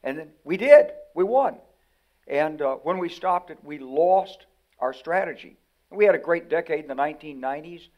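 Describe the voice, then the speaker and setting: Older American man, retired-general guest, lively storyteller who acts out quotes. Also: on the high side, normal speed, muffled recording. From United States. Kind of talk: conversational interview.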